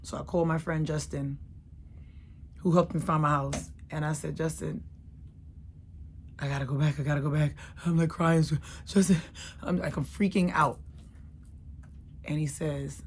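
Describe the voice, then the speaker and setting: A middle-aged woman telling a candid, emotional personal story, dropping to a hush and rising loud by turns. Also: low-pitched, steady tone, moderate pace, pauses often, slight background noise. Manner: candid, emotional, swings between hushed and loud.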